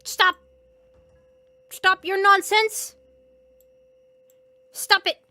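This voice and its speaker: A woman's voice: very high-pitched, little pitch movement, very slow, pushed and bright, dry recording. A young woman streaming a horror game, reacting with jittery nerves, screams and nervous laughter. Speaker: gaming streamer. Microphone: headphones with mic.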